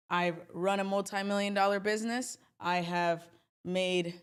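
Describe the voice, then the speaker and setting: A young woman hosting a trading livestream, talking in a chatty, emphatic and animated way. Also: medium pitch, clear, resonant tone. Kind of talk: casual livestream talk.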